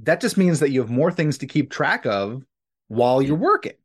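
A man's voice: mid-range voice, big pitch swings, moderate pace, husky. A man co-hosting a podcast in easygoing, reflective casual chat. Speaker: podcast co-host.

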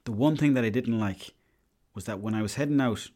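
An Irish man in his young adult years talks through a casual solo podcast story. He rambles, swears freely, and drops into quick quoted lines from the people he met. His voice sits at an ordinary middle pitch for a man. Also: darkish tone. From Ireland. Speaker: podcast host.

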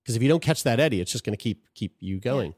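A man's voice: medium pitch, animated, fast, a little mellow, no room sound, clean studio sound. A man telling a personal story in casual conversation, frank and profane, often restarting his sentences.

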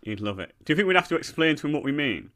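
A man's voice: fairly high pitch, very animated, very fast, a bit bright. A young man co-hosting a podcast, bantering and joking casually. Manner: jokey, playful, lots of laughing. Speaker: podcast co-host.

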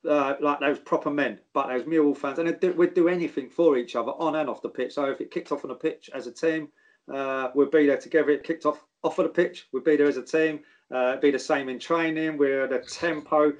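A middle-aged man with a South London accent tells football stories in a casual chat. His voice sits a touch high for a man, and he talks in an animated, unfiltered way, swearing freely and slipping into quick impressions of the people he describes. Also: muffled recording. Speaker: guest, former footballer.

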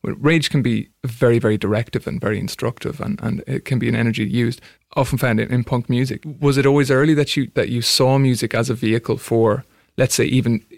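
Gravelly podcast host, dry sound. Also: male voice, mid-range voice, fairly even intonation, brisk, hardly any pauses, a little mellow, dry recording. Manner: rambling questions with repeated phrases. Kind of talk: casual interview conversation.

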